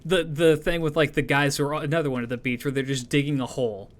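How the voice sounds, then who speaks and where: A man's voice: on the high side, fairly even intonation, fast talker. A man streamer talking casually and animatedly to his viewers, swearing freely as he rambles through opinions and sign-offs.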